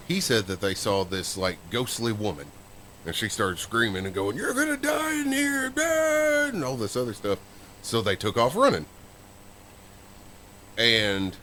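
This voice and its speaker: A man's voice: lowish voice, pushed and bright, a little hiss or hum. A man co-hosting a podcast, telling a story in a rambling, casual way. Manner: rambling storyteller with fillers and restarts. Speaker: podcast co-host.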